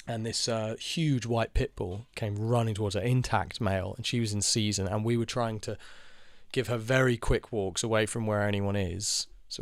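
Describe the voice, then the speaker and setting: A man's voice: on the low side, vocal fry, dry recording, clean studio sound. A young man telling a personal story in a casual monologue, rambling and frank, with lots of fillers, restarts and swearing. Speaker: channel host telling personal stories.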